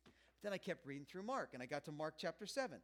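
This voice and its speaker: A pastor preaching a sermon in a conversational, joking way, often dropping to a hush and then pushing his voice up loud. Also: fairly high pitch, big pitch swings, quick pace. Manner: conversational and joking, swinging between loud and hushed.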